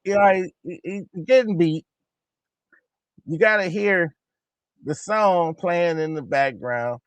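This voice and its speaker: A man hosting a casual reaction show, talking excitedly and in slang over game highlights and repeating himself. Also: takes it slowly, no echo. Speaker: host of a basketball reaction channel.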